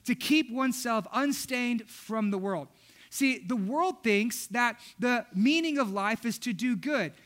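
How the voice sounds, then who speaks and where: High, bright-voiced man preaching a sermon. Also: a little slow. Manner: animated, acts out his daughters' voices. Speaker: pastor.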